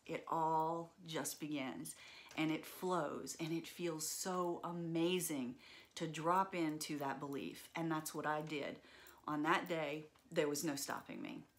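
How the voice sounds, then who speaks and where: A woman's voice: low voice, fairly bright tone. A woman telling a personal story in an earnest, reflective way, with frequent fillers.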